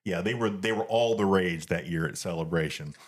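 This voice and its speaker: A middle-aged man hosting a family podcast, telling anecdotes in an animated way and laughing at them. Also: sits low, fairly quick. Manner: animated storyteller, laughs at his own anecdotes. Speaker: podcast host. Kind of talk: casual family chat.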